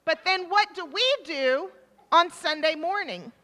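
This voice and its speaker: Lively high-voiced woman leading a children's talk. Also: a little slow. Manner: animated, encouraging, asks children questions and repeats their answers. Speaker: leader of a children's time in a church service. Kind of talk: interactive children's talk with questions. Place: church sanctuary. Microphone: microphone. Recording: reverberant church hall.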